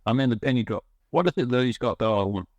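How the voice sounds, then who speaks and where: A man's voice: medium pitch, expressive, fast, no room sound, muffled recording. Rambling middle-aged man, dry sound. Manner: rambling, emotional, frequent restarts. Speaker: guest sharing his recovery story. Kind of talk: personal storytelling.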